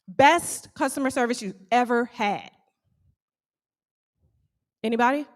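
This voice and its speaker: A woman who owns a small bakery gives a motivational talk to a live audience, animated and calling out questions to the crowd. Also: on the high side, unhurried. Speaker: small bakery owner speaking to fellow business owners.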